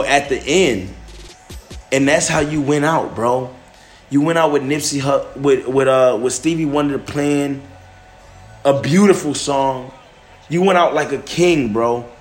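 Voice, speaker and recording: A man's voice: mid-range voice, measured pace. A man hosting a solo podcast, talking loosely with lots of restarts and fillers. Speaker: podcast host. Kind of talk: casual solo podcast monologue. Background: faint music.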